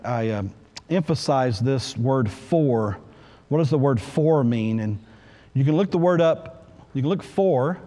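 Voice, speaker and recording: A man's voice: medium pitch, darkish tone, in a large hall. A middle-aged man preaching a sermon in church, reading scripture aloud and earnestly repeating key phrases.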